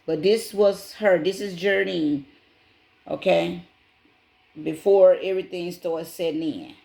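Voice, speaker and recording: A woman's voice: lowish voice, fairly even intonation, takes it slowly, creaky, mellow. A woman hosting her own channel, casually retelling a story to her viewers, speaking emphatically, repeating key points and calling them y'all. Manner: addresses viewers directly as y'all. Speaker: channel host.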